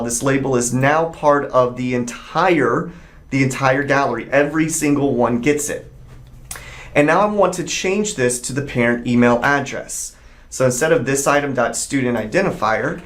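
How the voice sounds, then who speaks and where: A man of ordinary middle pitch talks through a software tutorial while he works on screen. He explains each step plainly and conversationally, thinking out loud as he clicks along.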